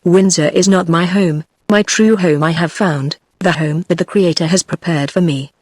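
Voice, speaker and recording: A woman's voice: on the low side, moderate pace, no room sound, close to an everyday voice. A British-accented synthetic woman reading a grieving old astronomer. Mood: bitter scorn. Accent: British English. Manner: even synthetic reading, little change between characters. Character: grief-crazed old male astronomer, bitter and scornful.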